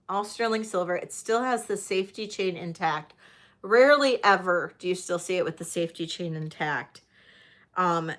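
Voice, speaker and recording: A woman hosting a livestreamed vintage jewelry auction, chatting to viewers and gushing excitedly over the pieces. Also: on the low side. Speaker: host of a live jewelry sale. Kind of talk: live auction chat.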